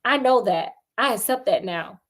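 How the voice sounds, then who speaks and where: A woman's voice: a little high, expressive, moderate pace, a bit bright. A woman reading as a pleading teenage boy. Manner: pleading, earnest. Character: grieving teenage boy pleading with his girlfriend.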